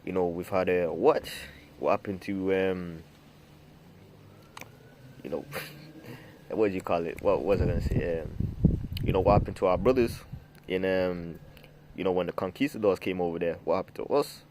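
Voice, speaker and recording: A man's voice: low voice, normal speed, pauses often, a little mellow, a little hiss or hum. A man preaching from scripture in a loose, rambling way, full of fillers, restarts and the word "man". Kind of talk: informal scripture teaching.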